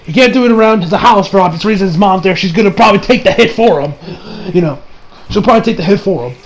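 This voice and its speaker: A man's voice: high voice, fast, rough recording. A man hosting a casual anime episode recap, rambling with frequent restarts. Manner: animated, rambling, with frequent restarts and acted quotes. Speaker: anime reviewer.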